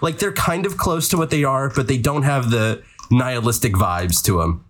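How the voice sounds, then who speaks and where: A woman's voice: very deep voice, normal speed, a little hiss or hum. Casual woman co-host, rambling, profane, filler-heavy rant. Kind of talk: casual chat.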